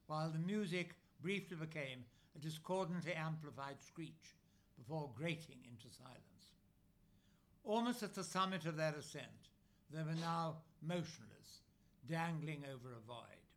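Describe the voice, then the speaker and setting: A man reading a literary novel aloud as narrator, in measured phrases with frequent pauses. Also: on the high side, sharp tone. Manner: measured, pausing often between phrases. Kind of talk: scripted narration.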